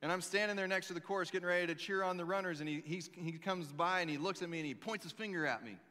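A man in his thirties preaching a sermon, telling stories with lively, dramatic pauses. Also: sits high. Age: 30s. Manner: animated storytelling, reads scripture aloud with dramatic pauses. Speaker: pastor. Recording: long reverb of a large hall.

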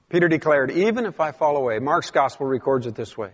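A man's voice: a little high, animated, a little fast, fairly bright tone. Emphatic preaching man in a reverberant hall. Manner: preaching with emphatic rises and drops, reading scripture aloud. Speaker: pastor. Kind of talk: sermon.

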